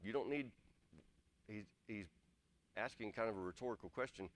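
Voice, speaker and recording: A man's voice: lowish voice, moderate pace. A man giving an earnest, plain-spoken sermon and repeating his points to drive them home. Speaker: preacher. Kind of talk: conversational sermon.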